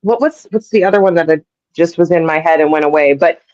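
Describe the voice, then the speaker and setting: A woman co-hosting a podcast in casual chat, talking with playful emphasis and quick asides. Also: sits low, darkish tone, no room sound. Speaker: podcast co-host. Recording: dull lo-fi dry sound.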